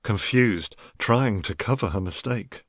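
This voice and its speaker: A narrator reading stage directions in a play reading with a plain, even delivery. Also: mid-range voice, measured pace, no echo, clean studio sound.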